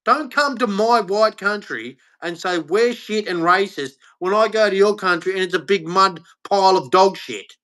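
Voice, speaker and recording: A man's voice: high-pitched, normal speed, hardly any pauses, fairly bright tone. A man with an Australian accent, ranting bluntly and angrily to camera in a profane vlog monologue. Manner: blunt, angry and profane, with heavy emphasis. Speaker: vlogger.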